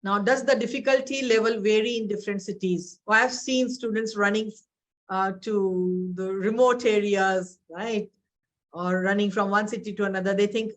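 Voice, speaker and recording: A woman's voice: mid-range voice, fairly even intonation, normal speed. A middle-aged woman with an Indian accent, teaching an English exam webinar in a direct, instructive way and often asking rhetorical questions. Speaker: IELTS trainer.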